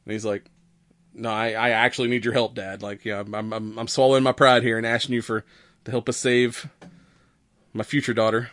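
A man's voice: mid-range voice, little pitch movement, a little fast, fairly bright tone, no room sound, studio quality. A man on a podcast casually retelling a movie plot, rambling and profane, acting out the characters' lines as he goes. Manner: rambling, profane, acts out quoted characters with laughs. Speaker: podcast host. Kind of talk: casual movie recap chat.

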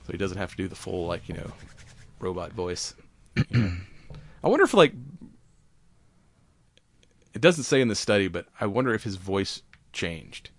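A man chatting through science news on a casual podcast, his voice fairly low and recorded dry and close. He rambles, fills gaps with "uh" and "you know", swears freely and laughs at his own jokes. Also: dry recording.

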